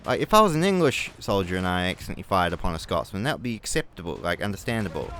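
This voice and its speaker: A man's voice: deep voice, very animated, rapid-fire, a bit bright, slight background noise. A young New Zealand man with a New Zealand accent, rambling and swearing through gameplay commentary, with angry outbursts. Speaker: gaming video creator.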